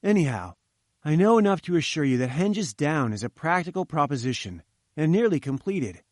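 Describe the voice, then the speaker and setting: Man doing an eager, high-spirited young reporter. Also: very animated, a little mellow, no room sound, clean studio sound. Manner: brisk and enthusiastic. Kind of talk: audiobook character reading.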